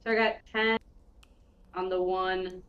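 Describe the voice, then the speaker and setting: Woman player at a tabletop game, slow and tentative, sound muffled, faint hiss. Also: fairly low pitch, little pitch movement, a bit bright. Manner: unhurried, tentative questions. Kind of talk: casual tabletop game talk.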